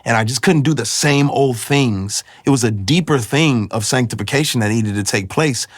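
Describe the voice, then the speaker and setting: A man telling his personal faith testimony in a reflective, halting, emotional way. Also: mid-range voice, no echo, studio quality. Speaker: guest sharing his testimony.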